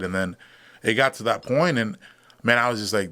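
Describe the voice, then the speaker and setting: A man in his thirties, a veteran appearing as a podcast guest, tells his story candidly in a relaxed conversation. His voice sits on the low side with a fairly bright tone, and he talks a little fast, using plenty of fillers and acting out quoted dialogue.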